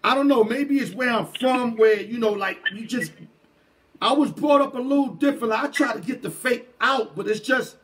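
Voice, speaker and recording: A man's voice: very high voice, moderate pace. A man hosting a sports talk show, speaking bluntly and emphatically in street slang. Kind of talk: casual chat.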